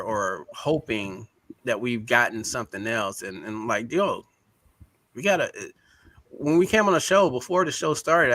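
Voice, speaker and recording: A man co-hosts a live web talk show, talking in a loose, rambling, heartfelt way. His voice is bright and forceful, and the sound is dry and close. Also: medium pitch, no echo. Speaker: co-host. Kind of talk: casual chat.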